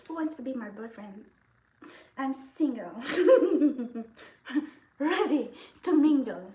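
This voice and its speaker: Slow, giggly woman in an echoey room. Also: sits high, lively intonation, dark tone. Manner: giggly, rambling, laughs often. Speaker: vlogger. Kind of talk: casual makeup vlog chat.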